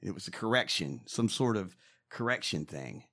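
A man's voice: low voice, lively intonation, normal speed, vocal fry, sharp tone. A man co-hosting a casual chat show, ranting in mock outrage and swearing often. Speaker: podcast co-host. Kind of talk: profane comedic rant.

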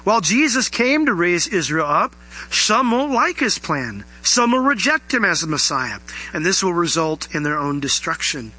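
Bright high-voiced male pastor preaching. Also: sing-song, moderate pace, low-quality recording. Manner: conversational, acts out little dialogues. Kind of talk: sermon.

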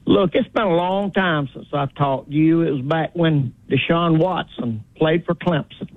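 An older man calling in to a sports radio show, polite and rambling, who calls the host "sir" and fills pauses with "uh". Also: fairly high pitch, no echo. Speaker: caller. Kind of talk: call-in chat. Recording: tinny dry phone line.

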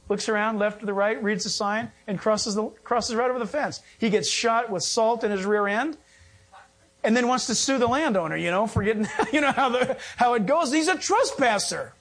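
A pastor preaching a sermon, animated, acting out quotes and joking with the congregation. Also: male voice, very high-pitched. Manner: animated preaching, acts out quotes, jokes and laughs.

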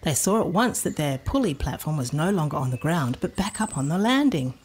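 Aussie lady reading a kids' story, kinda breathy, lowish voice, playful. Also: brisk. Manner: expressive, playful. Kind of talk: storybook narration.

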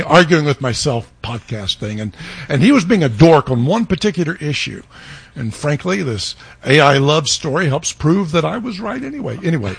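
A man's voice: fairly high pitch, breathy edge. An older married man on a talk panel, a self-mocking storyteller in casual chat. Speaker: co-host.

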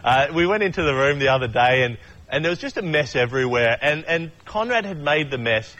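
A man's voice: a little high, expressive, brisk, fairly bright tone, muffled recording. A young adult man preaching a casual sermon, chatty and storytelling, acting out voices as he goes. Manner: chatty, acts out voices in stories. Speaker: pastor.

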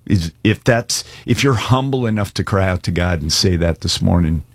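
Male pastor, low husky voice, dry close sound, earnest casual preaching. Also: lively intonation, moderate pace, no room sound. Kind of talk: sermon with altar call.

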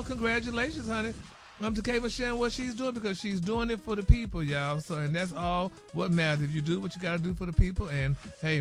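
A man hosting a morning radio gossip segment, talking sassy and calling everyone honey, y'all and baby. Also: a little high. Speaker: radio show host reading celebrity news.

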